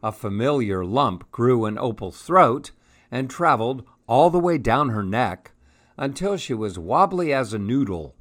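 A man reading a children's picture book aloud in a gentle, expressive way. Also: mid-range voice, measured pace. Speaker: storyteller.

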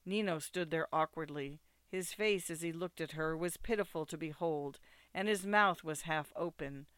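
A narrator reading classic fiction aloud in a measured, steady storytelling manner. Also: medium pitch, clear, resonant tone, dry recording.

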